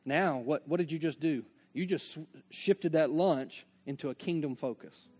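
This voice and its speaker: A man's voice: fairly high pitch, normal speed, darkish tone, soft background music. A man preaching a sermon as pastor, conversational, with joking asides and acted-out dialogue.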